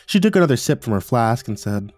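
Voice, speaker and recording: A man reading a horror story aloud in a measured, ominous way. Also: medium pitch, very animated, a little mellow, faint music behind. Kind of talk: scripted horror narration.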